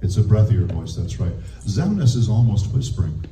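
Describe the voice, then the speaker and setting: A man who is a voice actor and speech teacher, giving a lively, demonstrative convention panel talk and laughing often. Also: deep voice, normal speed. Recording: echoey room heard from a distance.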